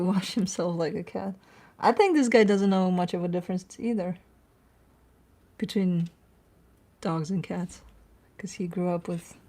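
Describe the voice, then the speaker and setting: Husky-voiced woman host, casual at-home chatter, playful and profane. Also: fairly low pitch, a little mellow. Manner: chatty, swears casually, coos baby talk at her dog. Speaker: tarot reader and channel host. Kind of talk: casual chat to camera.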